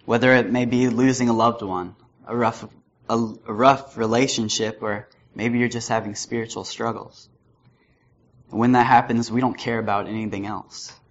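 A man's voice: medium pitch, fairly even intonation, moderate pace. A young man giving a sermon, telling a personal story with chuckles before turning to the lesson. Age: young adult. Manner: storytelling, chuckling at his own anecdotes. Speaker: student preacher. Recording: slightly muffled with faint noise.

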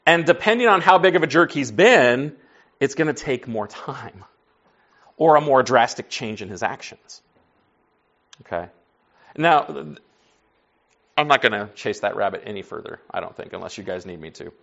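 A man's voice: mid-range voice, lively intonation, normal speed, pauses often, fairly bright tone, lo-fi sound. A man preaching to a class in a conversational teaching style, folksy, asking the group questions and answering them himself. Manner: folksy, says y'all and like.

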